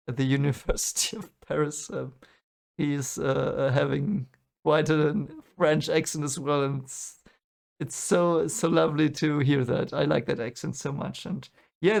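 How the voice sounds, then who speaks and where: A man's voice: on the high side, creaky. A man hosting a movie reaction, rambling and correcting himself as he thinks aloud. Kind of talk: casual reaction commentary.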